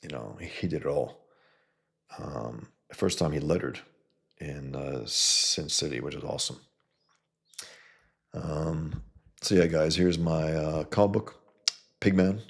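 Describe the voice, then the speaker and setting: Very deep gravelly guy, husky, blunt rambly chat to viewers. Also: measured pace, long pauses. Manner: blunt, scornful, lots of filler and restarts. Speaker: comic book creator and video host. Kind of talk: casual rambling talk to viewers.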